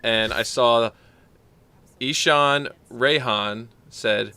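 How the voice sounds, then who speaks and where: Bright, smooth-voiced streaming host. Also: male voice, mid-range voice, steady tone, slow. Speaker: livestream host. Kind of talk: casual live-stream chat.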